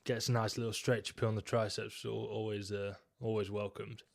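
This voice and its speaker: Low-voiced young man, opinionated. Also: flat delivery, normal speed, vocal fry. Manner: opinionated, joking, leads the ranking. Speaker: podcast co-host. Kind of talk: casual gym chat.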